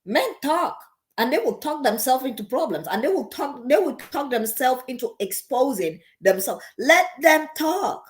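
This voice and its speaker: A woman's voice: sits high, very animated, moderate pace. A woman hosting a reaction video, giving sassy, emphatic casual commentary and laughing often.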